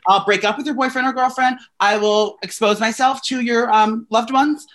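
A man's voice: extremely high pitch, steady tone, moderate pace, a bit bright. A man co-hosting a podcast, chatting casually in a campy, playful way. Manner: campy, playful, calls people "girl". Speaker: podcast co-host. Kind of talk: casual chat.

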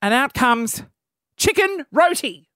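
A man's voice: extremely high pitch, takes it slowly, dry recording, clean studio sound. A man in his thirties, hosting a podcast and telling exasperated, comedic stories about what annoys him. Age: 30s. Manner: exasperated, animated storytelling. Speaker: podcast host. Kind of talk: comedic rant.

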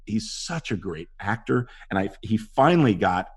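A middle-aged man, an actor, telling animated stories in a casual interview and acting out what people said. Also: on the low side, moderate pace, breathy edge. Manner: animated storytelling, acts out quotes. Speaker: actor guest.

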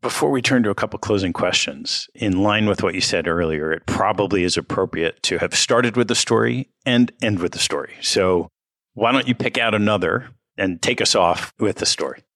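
A man hosting an interview, speaking in a measured, low-key way. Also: a bit bright, no room sound, clean studio sound. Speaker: interview host.

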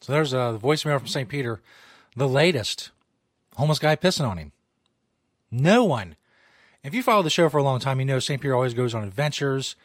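A male comedy podcast host with a voice of ordinary pitch, who talks loosely and rambles, swears, and mocks himself. He records in a small studio, and the sound is close and dry with almost no room sound. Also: animated, a little fast, pauses often, no room sound. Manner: loose, rambling, self-mocking. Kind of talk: casual, profane show banter.

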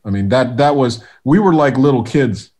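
A man's voice: medium pitch, normal speed. Man telling studio stories with energy. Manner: animated storyteller, many restarts, acts out quotes. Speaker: music producer guest. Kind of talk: relaxed interview storytelling.

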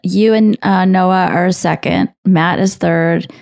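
A woman co-hosting a podcast, chatting casually with quick, teasing banter. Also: on the low side, fairly even intonation, creaky, darkish tone, dry recording, studio quality. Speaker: podcast co-host. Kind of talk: casual chat.

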